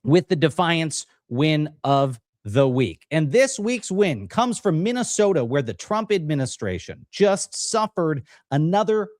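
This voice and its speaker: A man co-hosting a live-streamed political talk show, talking in an energetic, upbeat way over a video call. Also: on the high side, a little slow, hardly any pauses, no echo, studio quality. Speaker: co-host.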